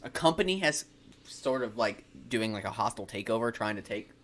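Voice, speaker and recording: Male game master, casual and rambling, animated pitch. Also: fairly quick. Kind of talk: narrating a tabletop game.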